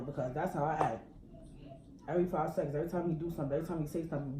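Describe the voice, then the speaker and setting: A young woman, telling a heated story on a casual couple vlog, ranting in quick slang. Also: low-pitched. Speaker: couple vlogger. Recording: echoey room with background noise.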